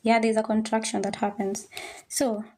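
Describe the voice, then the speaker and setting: A woman teaching French at a board, patiently repeating words slowly for learners. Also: on the high side, flat delivery, darkish tone, slight background noise. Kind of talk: slow classroom explanation at a board.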